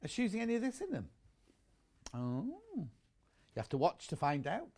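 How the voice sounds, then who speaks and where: A man's voice: a little high, very animated, moderate pace, darkish tone. A man presenting on a live shopping channel, chatty and enthusiastic, rambling into personal asides between prices.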